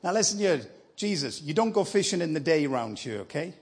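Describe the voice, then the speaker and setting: A man's voice: a little high, very animated, a little fast, breathy edge. A man preaching as a guest speaker in church, telling a story in a conversational, encouraging way. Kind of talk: sermon.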